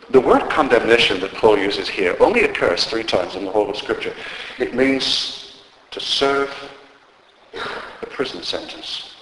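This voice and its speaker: A man preaching a sermon, emphatic and storytelling, swinging between loud declarations and quiet asides. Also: lowish voice, slight background noise. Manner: storytelling, conversational humour. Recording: roomy hall with long reverb.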